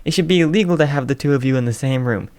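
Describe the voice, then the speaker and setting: A man voicing a loud, showy male radio DJ who hosts with exclamatory energy. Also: mid-range voice, very fast, natural voice. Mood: hyped.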